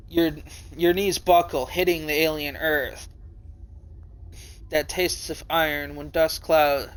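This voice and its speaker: A young male streamer with a bright, forceful voice reads a story aloud on stream and stops often to react. He swears freely, and he breaks into high, panicked cries when the story gets wild. His voice sits a little above the usual male range.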